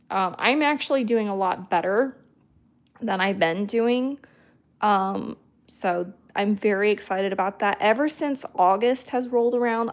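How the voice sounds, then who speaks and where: A chatty woman talks in an easy, rambling way on a casual live stream from home, full of ums and restarts. Her voice is mid-pitched and ordinary, and she slips into soft baby talk with her dogs.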